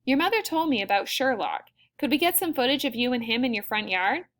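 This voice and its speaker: A polished, persuasive TV reporter woman, read by a woman narrator. She speaks in a fairly high voice with lively, shifting intonation. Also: a little fast. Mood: coaxing. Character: adult woman TV news reporter, smooth and persuasive.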